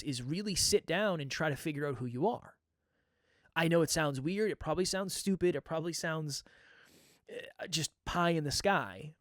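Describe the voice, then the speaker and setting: This is a solo podcast where the male host talks reflectively and frankly, coaching his listeners. His voice is fairly high, captured dry on a close microphone.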